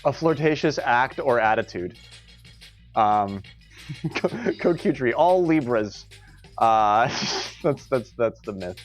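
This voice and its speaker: A man's voice: mid-range voice, expressive, slow, pauses often, faint music behind. A young man hosting a live-streamed game tournament, rambling casually, joking and laughing often between his words.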